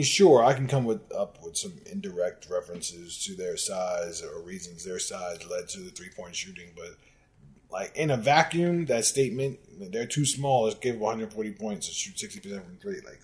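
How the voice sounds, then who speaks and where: A man hosting a sports commentary show, ranting in an exasperated, sarcastic way at fan comments and rising to loud outbursts. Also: medium pitch. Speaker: sports podcast host.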